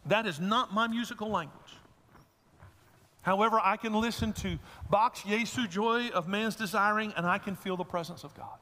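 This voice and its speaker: A male pastor delivers a folksy, story-driven sermon with touches of humor. His voice sits high and bright. The sound rings with the long reverb of a large church hall.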